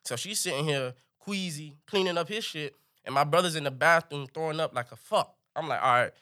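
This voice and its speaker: Brief: male comic storyteller, high, bright and animated. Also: brisk. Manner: animated, swings into high excited pitch for punchlines.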